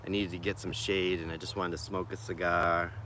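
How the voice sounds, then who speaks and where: A man with a Boston accent talks in a low, forceful voice, rambling and greeting viewers by name as he livestreams. He speaks into a phone on a selfie stick from a small wooded patch in the city. Faint city noise runs behind him. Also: level tone, brisk. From Boston, USA. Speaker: vlogger livestreaming. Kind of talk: casual livestream chat.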